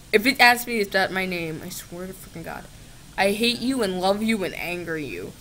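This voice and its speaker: A woman's voice: medium pitch, lively intonation, unhurried, a bit bright. A young woman making a casual video at her laptop, chatting with a chatbot in a sarcastic, giggly, mock-exasperated way and swearing often. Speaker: gaming video creator. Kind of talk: casual chat with a chatbot on camera. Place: home, at a laptop.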